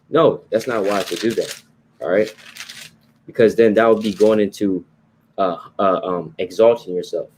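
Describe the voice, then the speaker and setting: Speaking at a normal speed, this man has a darkish voice on the low side, and there's slight background noise. His Bible teaching is conversational and repetitive, with frequent "you know"s and "right?"s.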